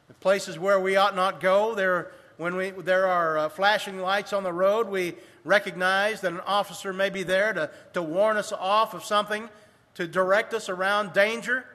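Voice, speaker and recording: A man preaching a sermon, reading scripture in old-fashioned wording and slowing down to stress key phrases. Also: high voice, steady tone, sharp tone. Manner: reads scripture in King James wording, slows for emphasis. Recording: long hall reverb.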